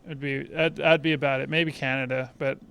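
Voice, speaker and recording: A young man co-hosting a casual podcast, making quick joking asides. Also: mid-range voice, level tone, gravelly, bright, forceful tone, clear, resonant tone. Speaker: podcast co-host.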